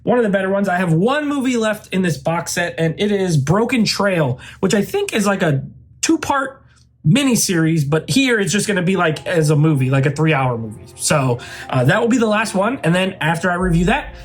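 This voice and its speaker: Guy with a pretty high voice rambling thru a movie review, lots of likes and uhs, super casual. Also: animated, fairly quick, husky, faint music behind. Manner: rambling, loose, heavy on "like" and "uh" fillers. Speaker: movie reviewer, channel host. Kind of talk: casual spoken film review.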